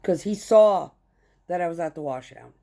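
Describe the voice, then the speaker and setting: A woman's voice: on the low side, moderate pace, mellow. A woman truck driver telling a heated, profane story about a work conflict in short clipped phrases. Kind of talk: casual storytelling rant.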